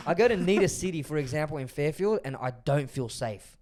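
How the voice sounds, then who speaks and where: A man's voice: a little high, expressive, brisk, a little mellow. A young Australian man chatting casually on a podcast, telling easygoing stories full of "bro" and "like". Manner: easygoing storyteller, peppers talk with "bro" and "like". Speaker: podcast co-host. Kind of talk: casual chat.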